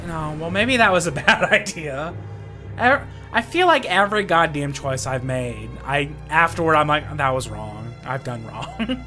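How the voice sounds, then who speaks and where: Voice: medium pitch, lively intonation, normal speed, music in the background. Profane, frustrated gamer with a swooping voice. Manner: frustrated, profane outbursts and shouting. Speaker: let's play gamer. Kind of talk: reading game text aloud with reactions.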